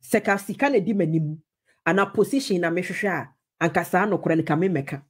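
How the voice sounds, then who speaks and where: A woman's voice: fairly low pitch, quick pace, husky. A woman with a Ghanaian accent giving opinionated TV commentary, switching between English and Twi with emphatic, mocking remarks.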